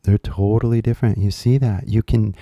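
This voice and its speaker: A man's voice: lowish voice, fairly even intonation, fairly quick, warm tone, no echo, studio quality. A man from California, talking casually as an English teacher, rambling and full of fillers. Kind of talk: casual podcast talk.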